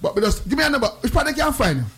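Brief: Jamaican male host, high and lively, patois, joking and loud. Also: racing. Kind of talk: casual promo chat.

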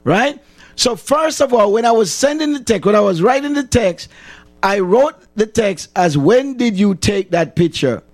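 A middle-aged Jamaican chaplain talking casually to a livestream audience, repeating himself for emphasis and slipping into patois. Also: male voice, sits high, expressive, moderate pace, a little mellow, faint music behind. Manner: repetitive, emphatic, slips into patois.

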